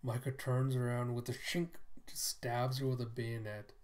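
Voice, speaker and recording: A man's voice: mid-range voice, flat delivery, moderate pace, darkish tone. Chatty man retelling a comic. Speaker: comic book reader. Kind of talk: casual comic read-aloud narration.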